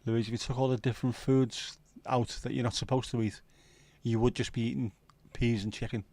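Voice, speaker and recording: A man's voice: medium pitch, little pitch movement, brisk, dark tone, no room sound. A man hosting a livestream, chatting casually and cheekily with viewers and reading out their comments by name. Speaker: livestream host.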